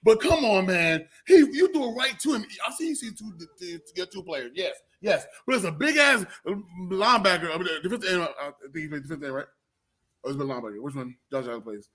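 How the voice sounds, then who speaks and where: A man riffs through casual sports talk at a quick clip, his high voice bright and forceful. He sounds animated and exasperated, breaking into laughter as he goes. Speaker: podcast host.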